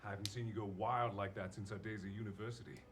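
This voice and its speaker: An actor playing a flamboyant wealthy host who speaks in a grand, theatrical, slightly formal way in a comedic mystery film. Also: male voice, lowish voice, steady tone, quick pace, a bit bright, a little hiss or hum, lightly acted. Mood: jovial. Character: suave, flamboyant wealthy male party host.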